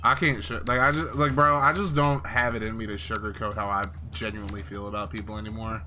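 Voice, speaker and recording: A man's voice: fairly low pitch, fairly even intonation, fast, bright, forceful tone, a little hiss or hum. A young man streaming a football video game, chatting bluntly and profanely with lots of fillers. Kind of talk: casual live-stream chat and game reactions.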